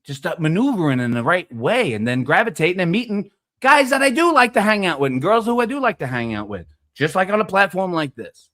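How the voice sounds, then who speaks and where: A man ranting in casual streamed panel chat, profane and preachy, with loud emphatic bursts. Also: high voice, sing-song, a little fast. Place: online streaming call.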